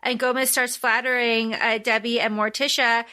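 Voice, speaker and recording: A woman's voice: fairly high pitch, little pitch movement, moderate pace, sharp tone. A young woman co-hosting a podcast, chatting with enthusiasm and playfully quoting film lines. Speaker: podcast co-host. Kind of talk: casual chat.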